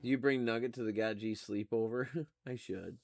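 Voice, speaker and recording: A man's voice: medium pitch, steady tone, normal speed, vocal fry, darkish tone. A man chatting casually while he plays a game, telling a rambling story full of fillers and restarts. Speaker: gaming streamer.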